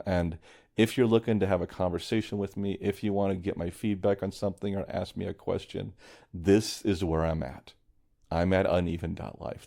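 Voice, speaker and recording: Male podcast host, low gravelly voice, warm mellow tone, rambling reflective monologue. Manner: reflective, meandering, restarts often; quietly worried. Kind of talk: casual solo podcast monologue.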